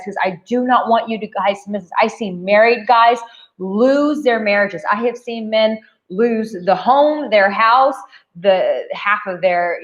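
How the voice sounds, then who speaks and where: A woman's voice: medium pitch, highs cut off. A woman dating coach answering viewer questions in a live Q&A, talking passionately, emphatically and with blunt profanity.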